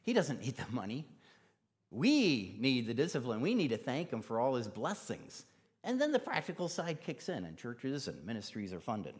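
A man's voice: medium pitch, big pitch swings, normal speed. Chatty man preaching. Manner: casual, chatty, with many fillers. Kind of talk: conversational sermon. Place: church.

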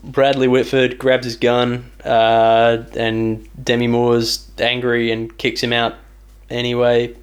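A man's voice: mid-range voice, completely flat delivery, slow. A man in casual chat about a movie, jokey and chiming in with sarcastic asides.

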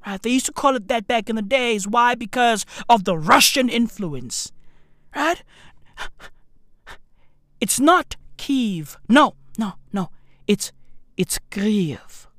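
A woman rants comedically in a high, wildly bouncing voice, with slow, deliberate delivery. She swears freely, leans on slang and rhetorical questions, and swings between shouts and hushed asides. The sound is close and dry. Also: expressive, no room sound. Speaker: commentator. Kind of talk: comedic rant.

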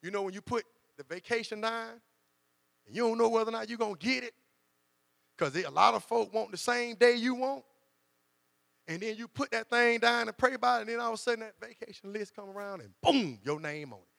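A man's voice: extremely high pitch, a little fast, vocal fry, fairly bright tone, studio quality. A man preaching a sermon, acting out quoted voices as he goes. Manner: conversational preaching with dramatized quotes. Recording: long hall reverb with mains hum.

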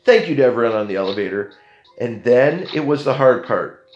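Animated Canadian man telling a story. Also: medium pitch, brisk, roomy sound, dull audio, a little hiss or hum. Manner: animated, jumps into other people's voices. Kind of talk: casual storytelling to camera.

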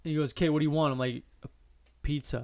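A man in his twenties chatting casually, reacting fast with laughs and short comments. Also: on the high side, steady tone, a little mellow, dry recording. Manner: laughs often, quick reactive interjections. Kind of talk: casual storytelling chat.

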